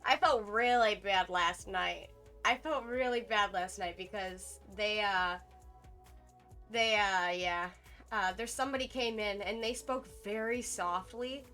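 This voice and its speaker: Chatty young woman streamer, bright voice. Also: mid-range voice, a little slow. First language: English. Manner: rambling, laughs often, many fillers. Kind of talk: casual chat while drawing. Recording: light music playing behind.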